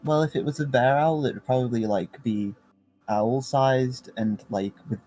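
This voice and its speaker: A man's voice: mid-range voice, moderate pace, warm tone, soft background music. A British man playing a tabletop game, bantering playfully with the table. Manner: playful, joking asides. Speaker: player.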